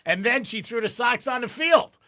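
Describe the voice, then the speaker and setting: Radio guy telling stories, bright punchy voice, does all the voices in his stories, dry studio sound. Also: extremely high pitch, moderate pace, no room sound. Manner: animated storyteller, acts out quotes in a raised voice. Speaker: radio show co-host. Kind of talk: casual radio storytelling.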